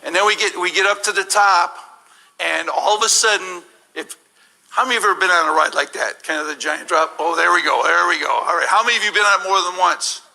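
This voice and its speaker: Gravelly, bright-voiced storytelling man. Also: sits high, quick pace, rough recording. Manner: animated, laughing, many restarts. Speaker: guest speaker at a church service. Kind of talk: humorous personal storytelling.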